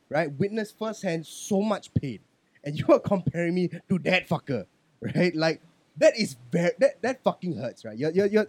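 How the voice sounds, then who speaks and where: A man speaks in on a podcast, blunt and liberal with swear words. He drops to quiet reflection, then gets loud and animated as he tells his story. The sound is close and dry. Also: fairly high pitch, dry recording. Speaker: podcast guest. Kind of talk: casual podcast chat.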